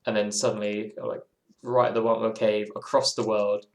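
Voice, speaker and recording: A man's voice: fairly low pitch, level tone, a little fast, echoey room. A man streaming a game, chatting casually in a rambling, musing way that keeps circling back on itself. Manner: rambling, musing, self-interrupting. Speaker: gaming streamer. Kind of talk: casual live-stream chat while playing.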